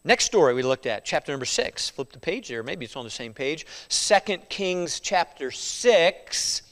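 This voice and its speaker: Animated man preaching in a reverberant hall. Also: fairly high pitch, normal speed. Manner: animated, conversational, with frequent chuckles and rhetorical asides. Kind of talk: sermon.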